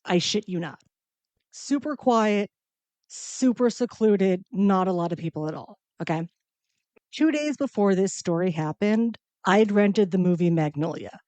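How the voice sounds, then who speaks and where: Profane, animated woman telling a story. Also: medium pitch, dry recording. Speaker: podcast host. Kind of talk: comedic personal storytelling.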